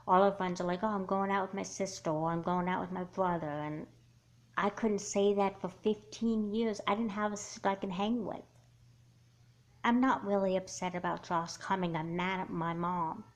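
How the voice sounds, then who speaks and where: A woman voicing an angry, hurt teenage girl in a doll movie, talking in a halting, sighing way. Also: on the low side, close to an everyday voice.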